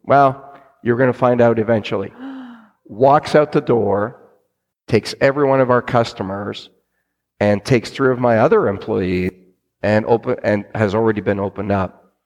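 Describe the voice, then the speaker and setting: A man's voice: lowish voice, unhurried, long pauses, long reverb tail. A man who owns a business, telling a story in an interview and acting out the voices of people he quotes. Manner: animated, acts out quoted voices. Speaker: business owner guest. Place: stage event.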